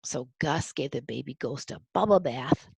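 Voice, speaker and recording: A woman reads a children's picture book aloud and stops to talk through each picture. Her low voice is husky with a gravelly edge and moves up and down a lot. The sound is dry and close. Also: expressive, moderate pace, dry recording. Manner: explains the pictures to young listeners. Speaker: storybook reader.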